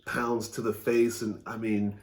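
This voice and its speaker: A man co-hosting a casual movie review, speaking in a measured, thoughtful way with hesitant restarts. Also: fairly low pitch, level tone. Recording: echoey room.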